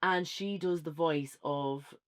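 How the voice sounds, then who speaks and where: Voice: mid-range voice, takes it slowly. An Irish speaker co-hosting a casual film review, chatty and rambling with many fillers.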